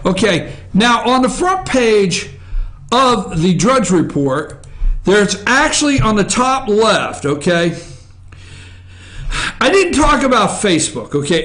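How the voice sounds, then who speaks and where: A man holds forth on the news as a talk show host, rambling and sarcastic, tossing asides to his crew. His voice sits high and swings up and down with lively energy. The sound carries a noticeable echo off the office walls. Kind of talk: opinionated news commentary. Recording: echoey room.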